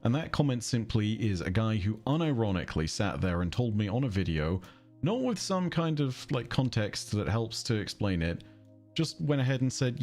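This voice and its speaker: A man's voice: on the low side, big pitch swings, moderate pace, a little mellow, faint music behind. A man with a southern English accent streaming a game, chatting casually in a rambling way and breaking off to react to the game. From England. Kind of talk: casual livestream chat while gaming.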